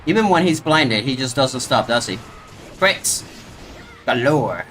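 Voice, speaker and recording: A man streaming a video game live, reacting out loud and talking to the monster he fights. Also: medium pitch, measured pace, faint music behind. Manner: excitable, talks to the monster. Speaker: gaming streamer. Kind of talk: live gameplay commentary.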